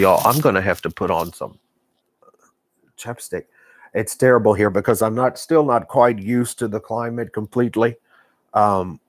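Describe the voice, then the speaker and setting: Texan man, folksy rambling live-stream host, lowish pitch, dry close sound. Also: dry recording. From Texas. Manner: rambling, folksy, many fillers and restarts. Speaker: knitting vlogger. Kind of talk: casual live-stream chat. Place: home living room.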